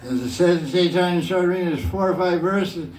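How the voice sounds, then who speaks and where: A man's voice: sits high, quick pace, a little mellow. Older man teaching with playful chuckles. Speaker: spiritual teacher. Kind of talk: question and answer talk. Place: hall with devotees. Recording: echoey room from far off.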